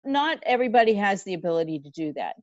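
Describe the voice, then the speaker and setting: A woman's voice: medium pitch, big pitch swings, fast, dry recording, muffled recording. A woman hosting a podcast interview, asking long, rambling questions with interested reactions. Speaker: podcast host.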